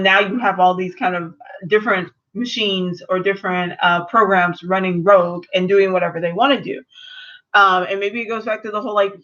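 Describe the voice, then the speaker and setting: Woman chatting through an episode recap, bright sharp voice, kinda dull lo-fi sound. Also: mid-range voice. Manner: animated retelling, acts out dialogue in quotes. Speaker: episode reviewer. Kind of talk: casual recap and theorizing.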